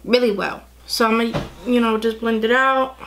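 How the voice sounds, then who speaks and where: Young woman, beauty vlogger, chatty, gushing, slightly high voice. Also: steady tone, moderate pace, a bit bright. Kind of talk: casual makeup tutorial chat.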